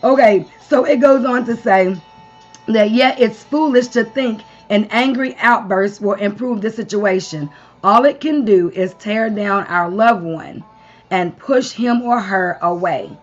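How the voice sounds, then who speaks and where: A woman's voice: mid-range voice, a little slow, muffled recording, faint music behind. A woman preaching a Sunday morning devotion to a live-streamed audience, peppering her sermon with amens and long spoken lists.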